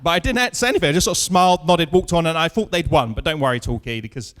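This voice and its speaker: High-voiced man doing dry stand-up. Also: fast talker, fairly bright tone. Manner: dry, self-mocking storytelling with punchlines. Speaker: stand-up comedian. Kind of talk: stand-up set with crowd work. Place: comedy club stage, live show.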